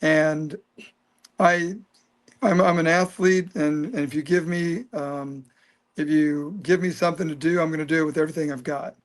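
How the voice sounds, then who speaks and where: Earnest man in his fifties, slightly high. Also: normal speed. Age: 50s. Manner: earnest, animated storyteller. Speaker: guest. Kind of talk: personal storytelling in a podcast interview.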